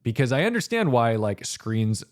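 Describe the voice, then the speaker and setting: A man's voice: mid-range voice, sing-song, moderate pace. Rambling sarcastic male car podcaster. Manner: rambling, sarcastic, acts out mock quotes. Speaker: podcast host and car reviewer. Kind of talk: casual solo podcast monologue.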